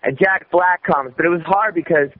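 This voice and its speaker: A man telling a rambling, animated story in casual conversation, swearing often and restarting his sentences. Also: sits high, normal speed. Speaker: guest comedian. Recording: dull radio-style audio with faint noise.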